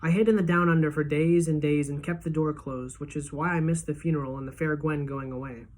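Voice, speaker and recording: A woman teacher reading a novel aloud to her class, giving the dialogue lively pitch and loudness shifts. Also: brisk. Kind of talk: audiobook-style read-aloud.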